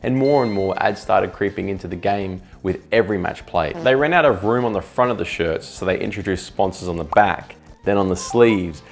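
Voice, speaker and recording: A man's voice: deep voice, moderate pace, vocal fry, few pauses, soft background music. A man narrating a comedic video essay in a sarcastic, jokey manner, swearing freely. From Australia.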